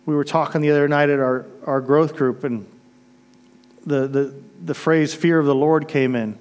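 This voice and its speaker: A middle-aged male preacher from Florida with a fairly high voice. He delivers his sermon with earnest storytelling, rising to emphatic peaks and dropping to near-hushed asides. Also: steady tone, moderate pace, smooth. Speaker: pastor.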